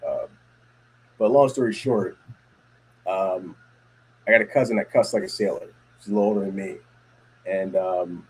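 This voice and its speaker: A man's voice: deep voice, slight background noise, low-quality recording. A man hosting a casual podcast chat, telling stories in a rambling way with many fillers and restarts. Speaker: podcast host.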